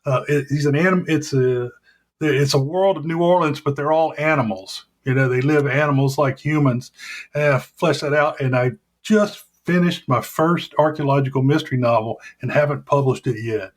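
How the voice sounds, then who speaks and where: A man's voice: a little high, moderate pace. A man guest on a movie podcast, chatting casually and often restarting his sentences. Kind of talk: casual interview chat.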